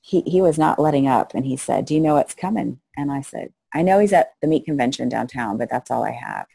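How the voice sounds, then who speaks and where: A woman's voice: a bass voice, fairly quick, creaky, breathy edge, no echo. A middle-aged woman, a missionary guest in an interview, telling stories with animation and acting out the people she quotes. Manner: animated storyteller, acts out quoted voices. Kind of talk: storytelling interview.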